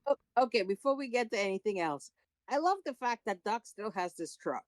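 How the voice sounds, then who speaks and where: A woman's voice: mid-range voice, animated, fairly quick, dry recording, studio quality. A woman co-hosting a podcast, adding short, upbeat comments to a casual chat. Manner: brief enthusiastic interjections. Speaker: podcast co-host.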